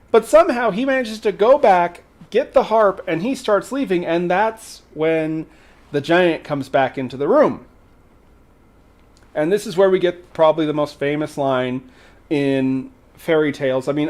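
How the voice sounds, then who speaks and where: A man hosting a livestream, retelling a folk tale in a casual way with animated, exasperated banter aimed at the chat. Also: on the high side, measured pace. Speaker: host.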